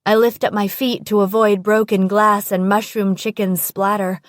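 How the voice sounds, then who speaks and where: A woman's voice: medium pitch, level tone, moderate pace, dry recording, clean studio sound. A woman narrating a first-person audiobook in an intimate, present-tense storytelling manner.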